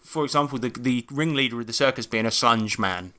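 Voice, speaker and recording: Bright-voiced, animated man. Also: medium pitch, brisk. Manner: animated storyteller, swears freely, laughs often. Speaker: podcast co-host and game master. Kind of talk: casual chat.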